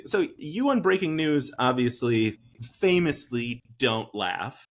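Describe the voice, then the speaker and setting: Lively teasing male host. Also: mid-range voice, slow pace. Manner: friendly, teasing, hesitant with fillers. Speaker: interview host. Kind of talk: casual interview chat.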